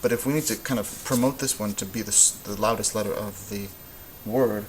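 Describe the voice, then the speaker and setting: A man's voice: on the low side, steady tone, a little fast, slight background noise, low-quality recording. A man teaching a casual Spanish lesson, thinking aloud as he goes, with frequent ums and restarts. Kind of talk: casual classroom-style lesson.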